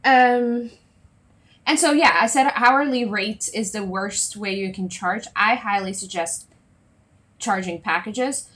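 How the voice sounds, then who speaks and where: A woman coach talks straight to her viewers on a live stream, at an ordinary middle pitch for a woman. She keeps it chatty and lively and keeps checking in with her listeners as she goes. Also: slow. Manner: chatty, often checks in with "right?" and "okay?"; lively, acts out little scenes in other voices. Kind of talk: solo Facebook Live talk to viewers.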